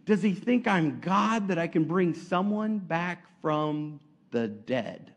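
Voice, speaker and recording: A man's voice: a little high, lively intonation, slow pace, full character voice. A preacher playing a panicked, frightened king. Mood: alarmed.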